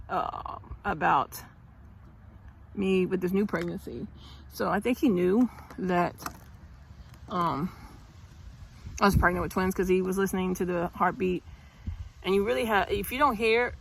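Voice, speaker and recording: A woman's voice: on the low side, vocal fry, a bit bright, poor audio. A middle-aged woman telling her own birth story in a casual vlog, rambling with restarts and sighs.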